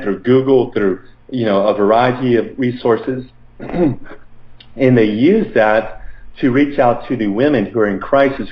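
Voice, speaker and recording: A man as a podcast guest, earnestly retelling his experiences in a conversational interview, with frequent fillers. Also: medium pitch. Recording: roomy, slightly dull recording.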